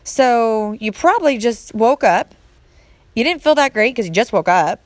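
A woman's voice: on the high side, lively intonation, moderate pace, no echo. A woman coach giving an emphatic motivational talk, speaking directly to the listener and repeating points for force. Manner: emphatic, repetitive, direct address. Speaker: fitness and mindset coach.

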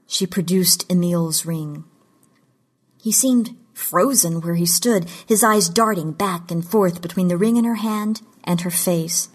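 A woman reads fiction aloud in a measured, deliberate narration. Her voice sits on the low side with a husky grain, and she lets each sentence unfold slowly. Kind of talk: scripted audiobook narration of fiction.

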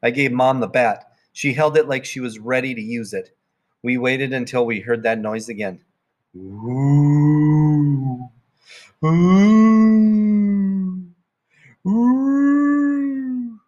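A man's voice: mid-range voice, moderate pace. Man reading a storybook aloud. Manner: plain, even read-aloud telling. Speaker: narrator.

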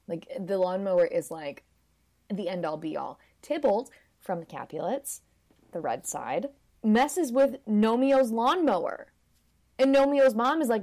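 A woman's voice: medium pitch, expressive, a little slow, a little mellow. A woman casually and playfully recapping a film in conversation, acting out characters in silly voices. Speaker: podcast co-host recapping a film. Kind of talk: casual chat.

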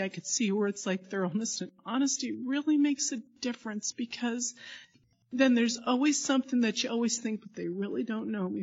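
Candid woman sharing at a meeting. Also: on the high side. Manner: candid, self-mocking, halting. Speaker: AA meeting speaker. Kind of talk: personal recovery share. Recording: dull lo-fi tape.

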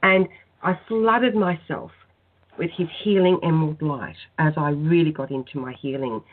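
Woman, husky voice, earnest storytelling, phone-line audio. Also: low-pitched, normal speed. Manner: earnest, storytelling, soft-spoken. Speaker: guest. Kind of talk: spiritual radio interview. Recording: tinny phone-line sound.

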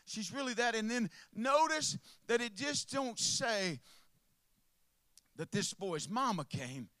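High-voiced preacher, hushed to shouting. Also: male voice, very animated, takes it slowly, no room sound. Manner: impassioned, swings from hushed to shouting; calls out to the congregation. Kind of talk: sermon.

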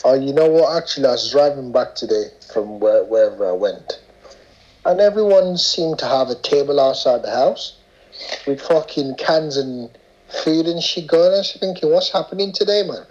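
A man's voice: medium pitch, lively intonation, moderate pace, darkish tone. A man co-hosting a podcast, slangy and swearing in casual banter. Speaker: podcast co-host. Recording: dull lo-fi podcast sound.

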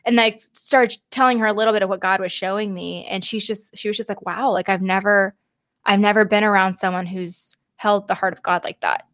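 A woman's voice: medium pitch, fairly even intonation, fairly quick, fairly bright tone. A woman talking about her faith in an earnest, effusive, casual way, with plenty of fillers.

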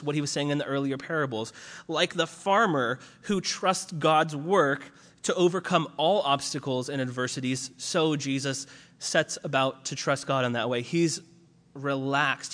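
Male preacher, conversational sermon, filler-heavy, upper-pitched, reverberant hall. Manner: casual, animated, many fillers.

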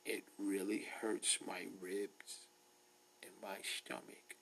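A man putting on the voice of a frail old man calling a pharmacy, soft and whispery, slowly pleading and polite. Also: sits low, flat delivery, slight background noise, exaggerated voice, rough recording.

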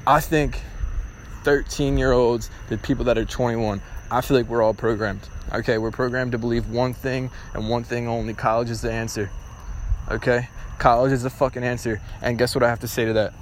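A man's voice: medium pitch, little pitch movement, fairly quick, slight background noise. A young man hosting a casual solo podcast, talking bluntly and ramblingly with lots of swearing. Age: young adult. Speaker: podcast host.

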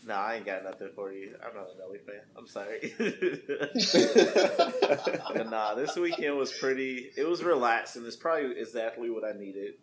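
A man's voice: mid-range voice, moderate pace, crowd noise. A young man co-hosting a podcast, chatting casually in a joking, playful way. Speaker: podcast co-host. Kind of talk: casual chat.

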